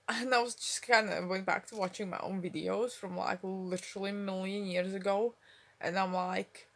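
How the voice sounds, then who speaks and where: A woman's voice: medium pitch, fairly even intonation, moderate pace, a bit bright. A young woman vlogging at home on her phone, mumbling and rambling with lots of fillers. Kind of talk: casual talk to camera. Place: at home, indoors.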